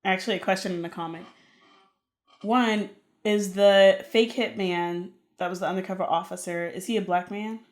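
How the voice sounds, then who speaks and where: A woman's voice: mid-range voice, moderate pace. Laid-back woman podcast co-host. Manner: relaxed reactions, reads comments aloud. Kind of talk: casual chat.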